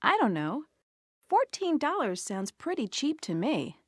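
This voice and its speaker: A woman's voice: high voice, big pitch swings, unhurried, dry recording, studio quality, heavily acted. An actress playing a casual young woman asking about a video game's price in a lesson dialogue. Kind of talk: scripted dialogue for a language lesson.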